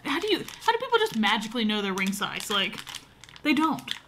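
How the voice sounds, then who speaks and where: Young woman rambling to her tripod cam at home, lotta ums, kinda high voice. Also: big pitch swings, fairly quick, fairly bright tone, slight background noise. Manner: rambling, chatty, lots of fillers. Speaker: vlogger. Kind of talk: casual vlog chat. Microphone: camera on a short tripod.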